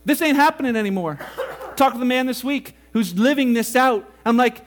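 A man preaching a sermon, animated and casual, acting out quoted voices as he goes. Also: extremely high pitch, brisk, slight background noise. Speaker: pastor.

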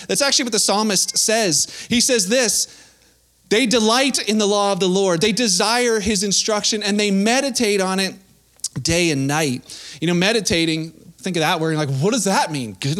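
A young man with a high voice preaches in a loose, chatty way, slipping into playful little acted-out bits. His delivery feels like talking with friends rather than lecturing. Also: fairly bright tone. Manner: casual, conversational preaching with playful acted-out asides. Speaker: pastor. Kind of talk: sermon.

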